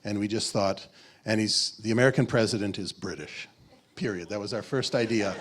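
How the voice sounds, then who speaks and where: A male film co-writer and director on a festival panel, telling anecdotes in an animated way and laughing often. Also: lowish voice, brisk. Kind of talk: casual panel talk.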